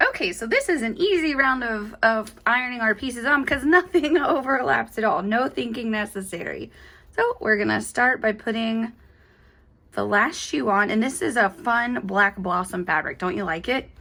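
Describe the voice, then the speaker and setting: A woman's voice: a little high, a bit bright. A young woman, hosting a quilting tutorial in an upbeat, chatty way with playful little asides. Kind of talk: casual step-by-step tutorial.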